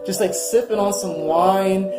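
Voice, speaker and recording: A man's voice: high-pitched, measured pace, echoey room, loud music behind the voice. A man giving a casual weekly astrology reading, rambling and upbeat with lots of fillers. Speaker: astrology reader.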